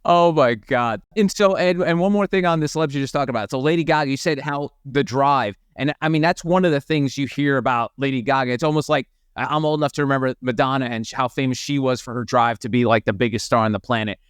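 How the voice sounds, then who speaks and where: A male interviewer who talks fast and asks eager, rapid-fire questions. His voice is smooth and clear and sits a little higher than average. The sound is dry and close to the mic. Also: no echo. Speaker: podcast host interviewer. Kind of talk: casual interview.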